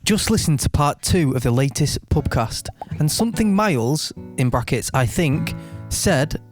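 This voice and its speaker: A man's voice: a little high, darkish tone. A man, a band member and podcast co-host, chatting casually, laughing often and reading out listener questions. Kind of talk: casual chat.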